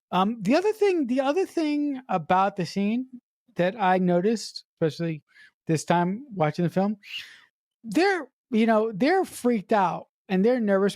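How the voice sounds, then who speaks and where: A woman's voice: on the low side, a little mellow, dry recording. Woman podcast co-host, emphatic ranter who swears for punch, dry close sound. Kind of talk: casual film review chat.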